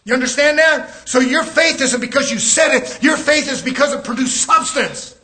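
A man preaching a fiery sermon, shouting and driving his points home with rising intensity. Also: very high voice, moderate pace.

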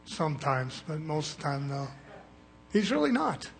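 A man's voice: a little high, sing-song, moderate pace, vocal fry, faint music behind. A man preaching a sermon in a folksy, blunt way, calling for amens from the congregation.

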